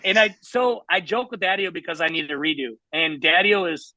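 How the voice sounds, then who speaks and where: A man's voice: fairly high pitch, animated, moderate pace, sharp tone, low-quality recording. A man in his thirties, a racing guest telling long self-mocking stories in a casual interview. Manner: rambling, self-mocking storyteller.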